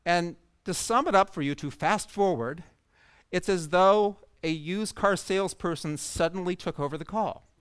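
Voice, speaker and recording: Man, conference speaker, humorous storytelling, higher voice, smooth and resonant, dry sound. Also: moderate pace, a bit bright, no echo. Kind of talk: storytelling keynote talk to coaches. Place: event stage before an audience.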